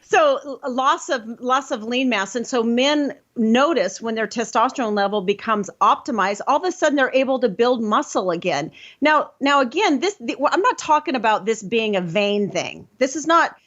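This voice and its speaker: A woman hosting a health talk show, explaining in quick bursts with frequent restarts. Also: fairly high pitch, animated, a bit bright, muffled recording.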